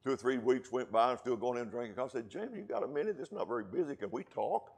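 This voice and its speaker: West Texas pastor preaching with swells. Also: male voice, expressive, vocal fry, breathy edge. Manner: swings from hushed, low lines to loud, slowed emphatic rises. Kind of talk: sermon.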